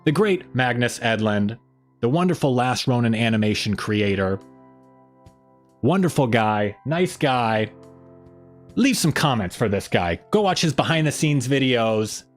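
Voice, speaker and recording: A man hosts a relaxed livestream at a middle pitch. His voice rises and falls a lot as he rambles between topics and greets viewers in the chat. Soft music plays faintly underneath. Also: a little slow. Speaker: livestream host.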